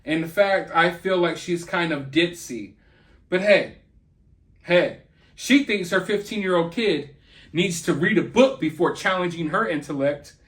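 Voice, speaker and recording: A man's voice: sits high, expressive, measured pace, a bit bright. A man hosting his own channel, delivering celebrity gossip commentary in an indignant, sarcastic rant. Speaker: channel host.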